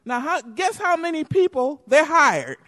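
High, bright-voiced heated woman. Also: big pitch swings, unhurried. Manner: heated, accusatory, talks over interruptions. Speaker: public commenter. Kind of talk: public comment at a council meeting. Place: council chamber. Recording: reverberant hall.

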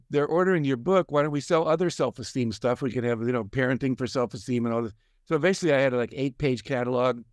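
In clean studio sound with no echo, an older man, a guest success coach, speaks in a mid-range voice. He's an animated storyteller in conversation, performing the voices of people he quotes.

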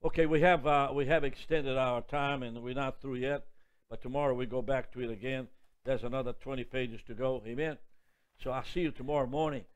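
A man's voice: medium pitch, steady tone, a little fast, smooth. A man in his seventies, a pastor preaching and reading Scripture in a jovial, exclamatory way with chatty asides. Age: 70s. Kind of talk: sermon with Bible reading.

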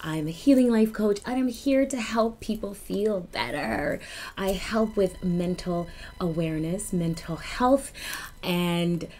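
A woman in her thirties, a healer and life coach, talking openly to camera in a personal vlog, with many ums and repeats and now and then a breathy whisper. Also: medium pitch, takes it slowly. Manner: warm confiding talk with many ums and repeats.

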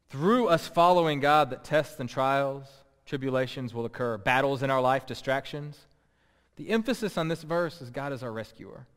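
A man's voice: medium pitch, clear, resonant tone. A man preaching a sermon as pastor, emphatic and repeating key words for stress. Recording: long reverb.

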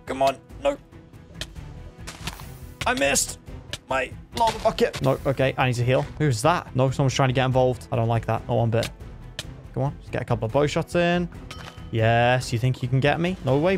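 A young man talks through his gameplay with a lively voice that swings up high when a fight gets tense. His pitch sits in the middle range. Soft music plays faintly behind him. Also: gravelly. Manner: excitable, pitch jumps sharply in tense fights. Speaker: gaming streamer. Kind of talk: live gameplay commentary.

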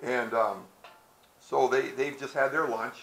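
A man tells a story to a small audience, slipping into the voices of his characters. His pitch sits in the middle. The sound is roomy, with faint outdoor ambience behind him. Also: measured pace, fairly bright tone, a little hiss or hum. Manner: storytelling, folksy, acts out characters with hesitations. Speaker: presenter. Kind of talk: outdoor history talk to visitors. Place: outdoors at a historic site.

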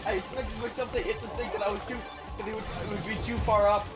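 A woman hosting a gaming video, giving casual, excitable commentary while she plays, laughing and exclaiming. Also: mid-range voice, quick pace. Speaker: gaming channel host. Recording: game music playing behind.

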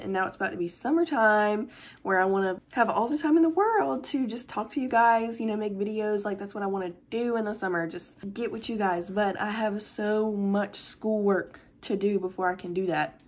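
A woman's voice: mid-range voice, fairly quick. A young woman, chatting through an unboxing vlog, gushing and close to tears. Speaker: vlogger.

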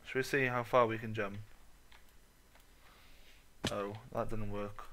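A man's voice: mid-range voice, slow pace, long pauses, sharp tone, lo-fi sound, slight background noise. Sweary man playing a game. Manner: goofy, sweary running commentary, talks to himself. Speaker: gaming channel host. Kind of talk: casual let's-play commentary.

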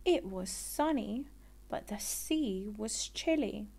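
A woman reads a children's picture book aloud, expressive and deliberate in her storytelling. Her voice is fairly high and gravelly.

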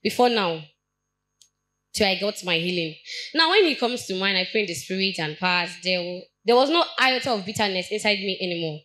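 A young Nigerian woman shares a personal testimony at a church Bible study. She speaks earnestly and haltingly, doubling back and repeating words as she goes. Her voice sits at a middle pitch for a woman. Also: lively intonation, a bit bright, low-quality recording. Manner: earnest, halting with frequent restarts and repetitions. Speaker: church member giving testimony.

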